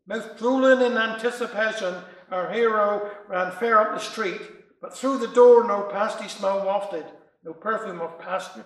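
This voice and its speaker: A man's voice: sits high, fairly bright tone, roomy sound, rough recording. A man with a Cornish accent reciting humorous dialect poems and stories, chuckling between tales. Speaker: dialect storyteller.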